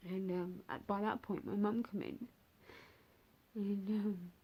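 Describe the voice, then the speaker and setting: A young adult woman telling a personal story in a vlog, talking in a halting, hesitant, emotional way with many fillers and restarts. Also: medium pitch, fairly even intonation, breathy edge, dull audio. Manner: emotional and raw. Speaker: bereaved mother telling her story.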